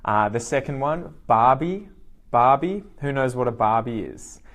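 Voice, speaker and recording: An Australian man giving a live online English lesson, speaking slowly and clearly and repeating words for learners. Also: medium pitch. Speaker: English teacher.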